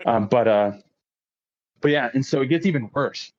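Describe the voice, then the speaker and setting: A man's voice: mid-range voice, moderate pace, a little mellow. Profane storytelling man, lo-fi podcast sound. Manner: profane, laughs often, acts out quotes in raised voice. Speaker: podcast guest. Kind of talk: casual storytelling. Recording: dull lo-fi podcast audio.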